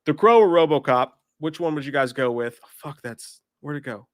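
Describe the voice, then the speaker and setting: A man's voice: on the high side, lively intonation, a little fast, no room sound. Coughing, profane livestream host, a man. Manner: profane, jokey, reads chat comments aloud. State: congested, coughing from illness. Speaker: livestream movie podcast host. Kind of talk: casual livestream chat.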